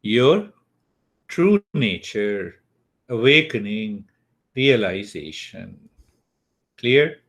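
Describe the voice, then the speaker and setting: Man, slow, deliberate, lecturing, video call. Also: on the low side, lively intonation, fairly bright tone. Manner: slow, deliberate, checks in with students. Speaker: spiritual teacher. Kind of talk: online class lecture.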